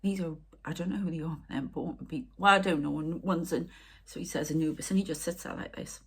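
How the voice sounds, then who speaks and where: Deep-voiced and quick, with vocal fry and a breathy edge, this spiritual medium talks casually on her channel's vlog. She rambles in an upset, emotional way and frequently sinks to almost a whisper.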